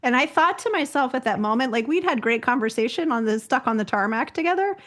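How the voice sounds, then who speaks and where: A woman's voice: high-pitched, expressive, fast talker, a bit bright. A woman hosting an interview podcast, enthusiastic and affirming, often chiming in with encouragement. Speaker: podcast host. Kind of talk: conversational interview.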